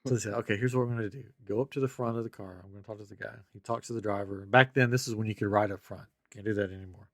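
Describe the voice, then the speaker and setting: Dry-sounding man telling an animated story. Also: lowish voice, very fast, few pauses, no room sound. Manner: animated storyteller acting out quoted voices. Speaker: podcast host. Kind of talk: casual storytelling chat.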